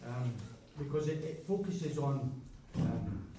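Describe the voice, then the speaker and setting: A man introducing a song at a folk club, chatting in a halting way with many ums and restarts. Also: medium pitch, background noise. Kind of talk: live stage patter between songs. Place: folk club room at a live gig. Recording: echoey live room from far off, loud guitar.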